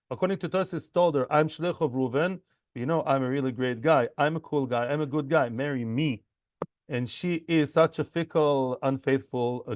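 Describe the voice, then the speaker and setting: A man teaching a Talmud lesson in English, lively and acting out the people in the case, with Hebrew and Aramaic terms mixed in. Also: a little high, no room sound, studio quality. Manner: animated, acts out the characters in the case. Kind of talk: Talmud lecture.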